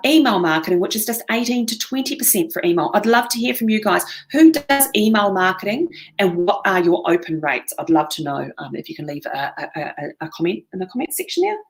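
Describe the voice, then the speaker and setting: A middle-aged woman with a New Zealand accent presenting a live marketing webinar, talking straight to her viewers and often checking in with "okay?". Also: medium pitch. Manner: upbeat, addresses viewers directly, frequent "okay?" check-ins. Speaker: seminar presenter.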